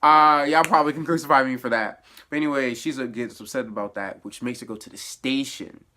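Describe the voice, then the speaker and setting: A man casually recapping a show episode in a spoiler review, animated and laughing, his voice dropping to low mutters and then jumping up in excited bursts. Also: brisk, a little hiss or hum. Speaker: TV review vlogger.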